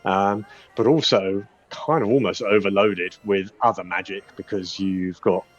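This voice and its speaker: A man's voice: low-pitched, steady tone, unhurried. A man narrating as game master in a casual, rambling way, with many fillers and restarts. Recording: dull lo-fi audio.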